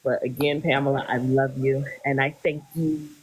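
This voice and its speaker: A woman's voice: a bass voice, little pitch movement, moderate pace, slightly rough. A woman hosting a poetry live stream, giving effusive introductions over a video call. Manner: warm, effusive introductions with frequent laughter. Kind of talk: hosting chat.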